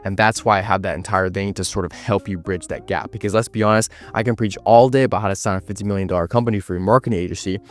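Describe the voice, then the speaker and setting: A man's voice: fairly low pitch, fairly even intonation, quick pace, few pauses. A young man in his late teens giving business advice straight to camera, confident and emphatic, repeating words for stress. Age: young adult. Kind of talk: direct-to-camera business vlog.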